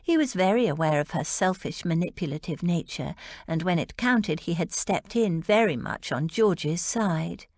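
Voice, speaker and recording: A woman narrating an audiobook in an expressive, measured way. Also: fairly low pitch, dry recording.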